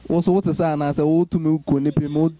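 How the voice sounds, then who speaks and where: Man interviewing, code-switching, mellow voice. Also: on the high side, little pitch movement, quick pace. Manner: asks questions, code-switching between Twi and English. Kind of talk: interview in Twi mixed with English.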